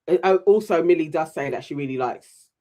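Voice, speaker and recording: Animated man recapping reality TV. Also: on the high side, a little fast. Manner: animated, mimics voices when retelling scenes. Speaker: podcast co-host. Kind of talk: casual reality TV recap chat.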